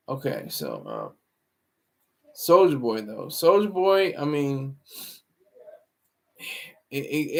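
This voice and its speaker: A man's voice: sits high, a bit bright. A man hosting a live stream, rambling and moralizing in casual commentary, often restarting his words. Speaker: livestream commentary host.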